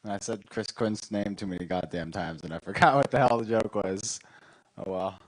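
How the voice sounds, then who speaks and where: A man's voice: lowish voice, low-quality recording. A man hosting a comedy night, rambling and losing his train of thought between acts. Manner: rambling, slow, self-interrupting. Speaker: comedy show host. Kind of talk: emceeing between comedy sets. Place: comedy club stage.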